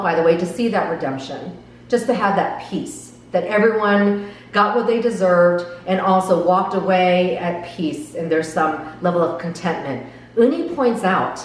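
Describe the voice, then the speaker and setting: A woman's voice: mid-range voice, slight background noise. Woman, earnest drama commentary, asks listeners questions, very echoey room, a little far from the mic. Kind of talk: reflective solo commentary.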